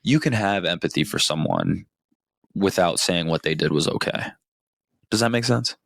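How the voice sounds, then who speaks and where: A man's voice: deep voice, expressive, moderate pace, vocal fry, fairly bright tone, no room sound. A man hosting a podcast, giving casual advice with lots of swearing and frequent "right?" check-ins. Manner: profane, conversational, keeps checking in with "right?". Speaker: podcast host.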